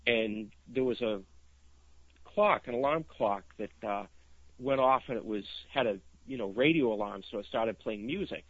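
A man's voice: mid-range voice, moderate pace, husky, no echo. Guy from cape cod rambling through a story on a radio show, kinda dull lo-fi sound, dry. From Cape Cod, Massachusetts. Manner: rambling, hesitant storytelling with many fillers. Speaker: guest author. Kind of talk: casual radio interview.

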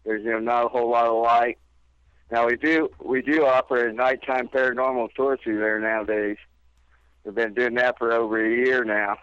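Man, smooth mid voice, calm caretaker guest, dull dry phone-in sound. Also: mid-range voice, moderate pace, no room sound. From Indiana. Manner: plain, matter-of-fact storyteller. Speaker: guest, theater caretaker and tour guide. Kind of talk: radio interview.

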